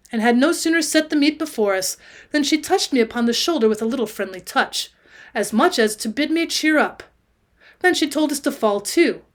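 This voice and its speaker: A woman reading a classic novel aloud for students, raising her voice for the dialogue. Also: a little high. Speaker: audiobook reader and teacher.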